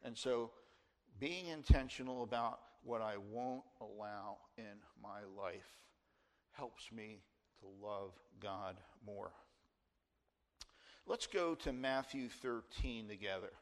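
A pastor in his sixties from New Jersey, preaching an earnest sermon and leaning hard on key words. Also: mid-range voice. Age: 60s. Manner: earnest, emphatic preaching with rising stresses.

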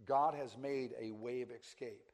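An earnest man preaching to a congregation in an ordinary middle-pitched voice. He repeats his key phrases for emphasis and keeps checking in with a quick question to his listeners. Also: fairly even intonation, darkish tone. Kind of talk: sermon.

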